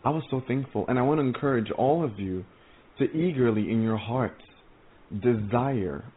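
A man giving an informal testimony sermon, earnest and excitable, rambling with many stammered restarts. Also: medium pitch, normal speed, slight background noise. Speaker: preacher sharing visions. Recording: tinny phone-like audio.

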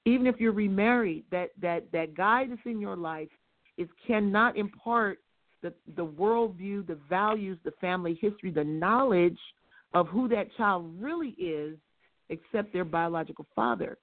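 A woman teaching on a religious talk show, emphatic and fond of rhetorical questions, with her stresses rising close to shouting. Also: medium pitch, moderate pace. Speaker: guest speaker. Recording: tinny phone line.

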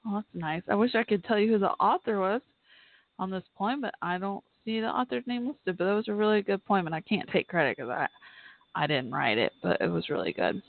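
A woman's voice: medium pitch, animated, fairly quick, creaky, dry recording. A chatty woman hosts a casual live podcast, laughing often and talking back at a football game. Her voice comes through a tinny, phone-like line. The sound is dry and close. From Texas. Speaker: podcast host. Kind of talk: casual live-stream chat.

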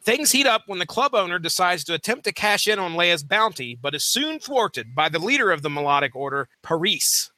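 A man hosting a comics podcast, reading a plot recap and then chatting with a brisk, joking delivery. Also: high-pitched, very animated, bright, forceful tone, no room sound, poor audio. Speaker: podcast host. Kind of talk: reading a plot summary, then casual chat.

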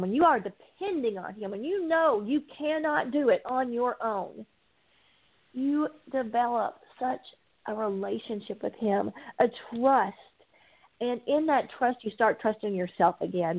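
A woman speaking as a recovery coach in an earnest, preaching way, repeating phrases for emphasis. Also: a little high. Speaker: guest, addiction recovery coach. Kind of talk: faith-based interview talk. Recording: tinny phone line.

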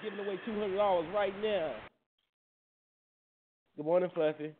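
A man hosting a radio morning show, loose and joking, with a fairly high voice. He sounds tinny and narrow, like a phone line, with music faint behind him. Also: moderate pace, slight background noise. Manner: loose, joking, sings along. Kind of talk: casual morning show banter.

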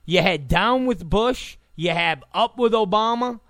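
A man's voice: sits high, lively intonation, a little slow, fairly bright tone, no room sound. A man giving a heated political rant, repeating his points with sarcastic asides. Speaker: political commentator.

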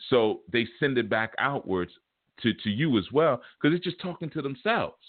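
At normal speed and a medium pitch with big swings in tone, a man gives a casual spiritual talk in the style of a teacher, peppering it with "you know". The audio sounds tinny and phone-like, and it's very dry.

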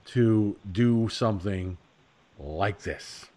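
A man hosting a casual radio talk show, blunt and profane, rambling and slipping into quick impressions. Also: fairly low pitch, darkish tone. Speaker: host.

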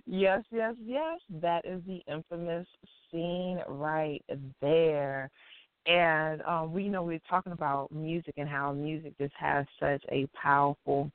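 A woman's voice: sits low, steady tone, slow pace, clear, resonant tone, dry recording. A woman hosting a call-in talk show, chatting playfully and giggling often with many fillers, heard over a phone line. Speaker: radio talk show host. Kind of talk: casual call-in show chat. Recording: dry tinny phone line.

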